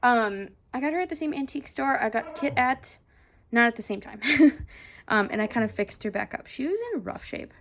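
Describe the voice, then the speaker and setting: A young woman chatting casually in a vlog, showing her doll collection, full of ums and likes, sometimes dropping to a soft whisper. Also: a little high, moderate pace, creaky. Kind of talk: casual show-and-tell vlog.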